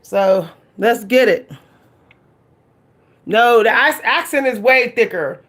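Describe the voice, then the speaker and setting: A woman's voice: a little high, slow pace, a bit bright. A woman from Pittsburgh with a Pittsburgh accent, chatting casually on a tarot reading livestream and often repeating herself. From Pittsburgh, USA. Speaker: tarot reader.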